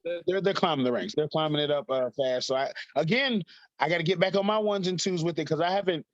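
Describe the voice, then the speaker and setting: A man in his thirties chatting as an interview guest, his voice sitting a little high. He rambles, laughs often and fills gaps with "like" and "you know". The sound is dry and a bit muffled. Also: quick pace, no echo. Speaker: guest, fighter. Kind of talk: casual interview chat.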